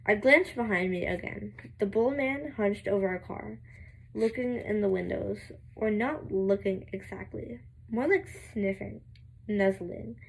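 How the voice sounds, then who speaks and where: A young woman reading a novel aloud, halting and restarting words, with giggling asides. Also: mid-range voice, gravelly, slightly rough, rough recording. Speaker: amateur reader.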